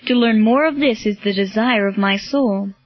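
A woman's voice: medium pitch, normal speed, no echo, soft background music, close to an everyday voice. A woman reading the part of an earnest young male Roman soldier, speaking in a pleading, searching way. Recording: dull lo-fi, dry.

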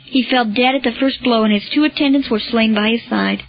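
A woman reading a historical novel aloud in a measured, even way, lightly voicing the dialogue. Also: on the high side, vocal fry, lo-fi sound, soft background music. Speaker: audiobook narrator. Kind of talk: scripted narration of a historical novel.

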